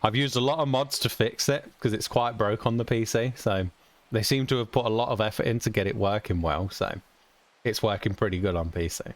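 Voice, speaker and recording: With a fairly low voice and a fairly quick pace, a young British man chats while streaming a game. He rambles, chuckles often, and curses mildly, and the recording is dry.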